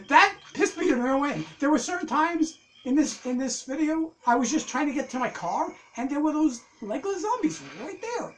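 A man giving casual let's-play commentary, excitable and swearing as he rants at the game. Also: very high voice, moderate pace, hardly any pauses, slight background noise, low-quality recording. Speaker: gameplay commentator.

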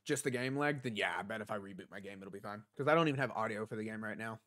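A man's voice: fairly low pitch, rapid-fire, fairly bright tone. Young guy streaming a game from his desk, laid back, just chatting with viewers. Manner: casual, talks to chat, answers questions. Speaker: gaming streamer. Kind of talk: live stream chat while gaming. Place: home desk setup. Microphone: desk mic.

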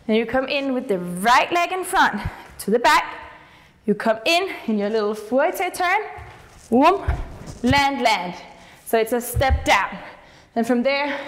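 Dance teacher, female, high voice, slow delivery, calls steps while moving, reverberant studio. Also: big pitch swings. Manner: counts steps aloud while dancing.

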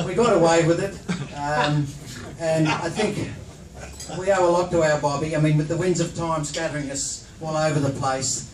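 A man's voice: a little high, background noise. An Australian man in his sixties giving a humorous after-dinner speech at a reunion, telling stories with frequent chuckles. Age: 60s. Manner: jovial storytelling, chuckles often. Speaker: reunion speaker. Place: large function room at a dinner. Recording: echoey hall from far off with crowd.

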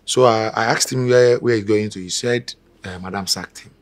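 A man's voice: fairly low pitch, normal speed, close to an everyday voice. A man playing a timid, deferential young house servant who talks hesitantly and stammers. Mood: meek.

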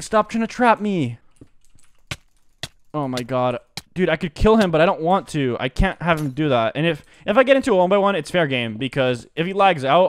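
A man giving live commentary on his own gameplay, excitable and slangy, jumping from low muttering to loud outbursts. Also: a little hiss or hum. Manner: slangy, says dude and bro a lot. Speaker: gaming commentator.

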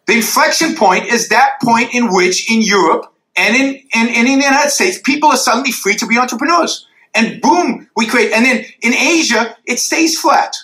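A man's voice: very high-pitched, normal speed, bright, forceful tone, echoey room, rough recording. A man answering audience questions after a university lecture, arguing emphatically and sketching graphs in the air.

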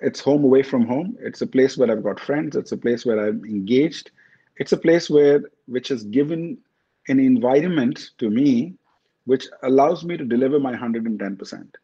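A man from Pakistan, a company chief, answering interview questions in a measured corporate way, often restarting his words. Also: mid-range voice, dark tone, breathy edge, highs cut off. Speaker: CEO guest.

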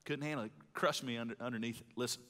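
A middle-aged man from Mississippi, preaching a live sermon in a folksy storytelling way that swings between loud and hushed. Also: medium pitch, steady tone, very fast. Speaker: pastor. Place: large church hall. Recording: live hall with long reverb.

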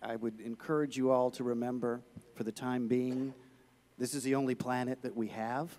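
A man's voice: mid-range voice, little pitch movement, a little mellow. Male actor, mid-range voice, courteous and plain-spoken panel words. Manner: folksy, measured, courteous. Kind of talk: short panel remarks. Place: convention hall.

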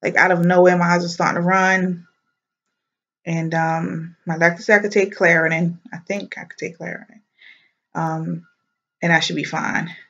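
A young pregnant woman talks through a casual vlog update. Her voice sits a little low and sounds somewhat stuffy and short of breath. She rambles along with plenty of ums and likes, and the home recording has a muffled, lo-fi sound. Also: flat delivery, moderate pace, a bit bright. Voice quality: nasal, stuffy. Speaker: vlogger.

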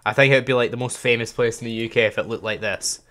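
A man's voice: medium pitch, quick pace, fairly bright tone. A young man hosting a gaming channel, thinking aloud in casual, chatty gameplay commentary and joking at his own expense.

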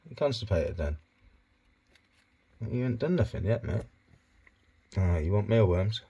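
A man talking softly and coaxingly to his pet hedgehog in a casual vlog. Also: lively intonation, a little slow, gravelly, slightly rough, muffled recording. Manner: soft, coaxing, low-key murmuring to his hedgehog. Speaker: pet keeper vlogger.

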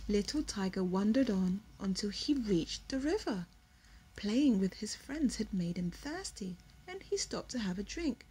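A young woman reading a picture book aloud to her toddler at home, slow and expressive, with gasps and whispered asides. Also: medium pitch, a little hiss or hum.

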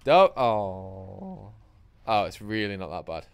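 A man's voice: lowish voice, very animated, slow, gravelly, clear, resonant tone, no echo. A man giving sweary, rambling, self-mocking commentary while streaming a game live. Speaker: gaming streamer.

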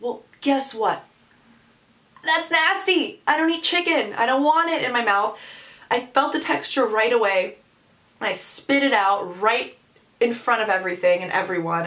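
A woman in her twenties telling a story on her vlog in an animated, sarcastic way. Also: on the high side. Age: 20s. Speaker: vlogger. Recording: echoey room sound.

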